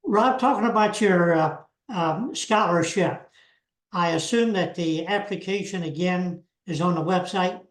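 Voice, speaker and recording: A man co-hosting a podcast, asking careful, measured questions in casual chat. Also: high-pitched. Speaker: podcast co-host. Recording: echoey room.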